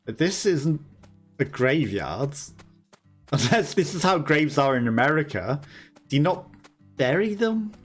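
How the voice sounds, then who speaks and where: A man's voice: a little high, big pitch swings, slow pace, long pauses. A man hosting a let's play, giving chatty, amused gameplay commentary and laughing often. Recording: voice over game music.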